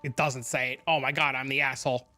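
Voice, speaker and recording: A man's voice: mid-range voice, quick pace, soft background music. A man streaming live, chatting and ranting casually to his viewers while reading their comments aloud. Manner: animated, ranting, reads chat aloud.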